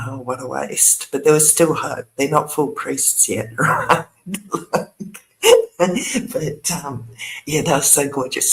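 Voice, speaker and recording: An older woman, hosting her own channel in a casual, rambling chat, laughing often and tossing in sarcastic asides. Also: low-pitched. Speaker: YouTube channel host.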